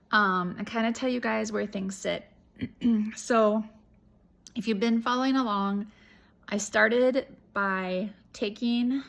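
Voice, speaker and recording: A woman talks straight to her viewers in a loose, chatty vlog update. Her voice carries a gravelly fry, and she rambles with fillers and restarts. Her throat sounds a little irritated. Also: fairly high pitch, a bit bright. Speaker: reseller vlogger.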